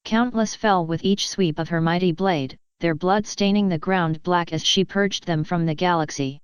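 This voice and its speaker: A woman narrating a fan-fiction story as an audiobook in a steady, even storytelling manner. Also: fairly low pitch, normal speed, clean tone, dry recording, lo-fi sound.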